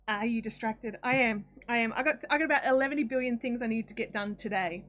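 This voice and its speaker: A woman's voice: a little high, a bit bright. An Australian woman hosting a live craft stream from her home desk, chatting casually, reading viewer comments aloud and rambling with ums and restarts. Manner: chatty and rambling, with frequent ums and self-corrections.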